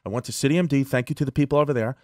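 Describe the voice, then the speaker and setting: A man co-hosting a crude comedy podcast, telling a rambling, animated story. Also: medium pitch, racing, no room sound, clean studio sound. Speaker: podcast co-host.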